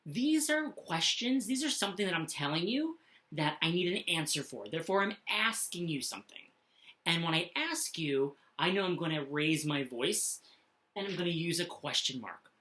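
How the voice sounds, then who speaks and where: A woman teaching punctuation to young children in a slow, sing-song voice, often checking in with "okay?". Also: lowish voice, expressive, fairly bright tone. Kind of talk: classroom lesson for children.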